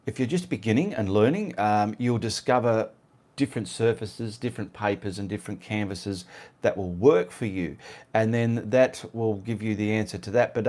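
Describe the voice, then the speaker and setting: A rambling Australian man talks casually at home, answering viewers one by one on a live art stream. His voice sits a little low, and he keeps drifting off to side tasks before picking up the chat again. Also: a little mellow. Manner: chatty, reads out viewer comments, easily sidetracked. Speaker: artist hosting live Q&A stream.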